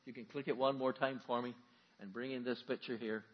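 A man's voice: mid-range voice, steady tone, fairly quick, muffled recording. A male pastor giving a sermon in a folksy, conversational way, full of everyday examples.

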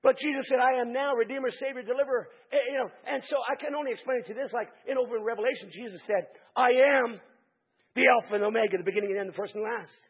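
A man preaching a sermon, calling out to the congregation and building to shouted climaxes. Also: extremely high pitch, very fast, few pauses, husky, highs cut off.

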